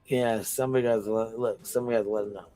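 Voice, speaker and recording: A man's voice: on the low side, fairly even intonation, very fast, warm tone, soft background music. A man hosting a livestream panel, mocking people on stream, laughing often and swearing freely. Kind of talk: profane livestream commentary.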